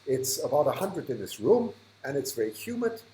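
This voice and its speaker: A man's voice: medium pitch, sing-song, moderate pace, mellow, slight background noise, low-quality recording. A man hosting a live stream from a hot, humid indoor room, chatting casually as he reads and thanks viewers, often restarting sentences and chuckling. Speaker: livestream host.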